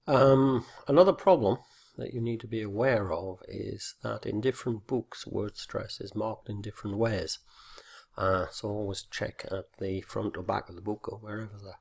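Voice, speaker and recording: A man with a low, gravelly, somewhat husky voice, talking very slowly as he explains a teaching point for trainee teachers. He repeats example words with exaggerated stress and pauses on fillers between points. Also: steady tone, a little mellow. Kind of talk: instructional video lesson.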